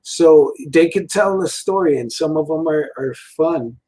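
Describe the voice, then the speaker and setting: A man's voice: on the high side, measured pace, mellow, slightly rough, rough recording. A man in his forties giving a casual, meandering rant from a room at home, full of fillers and frequent chuckles. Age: 40s. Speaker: toy and cartoon reviewer.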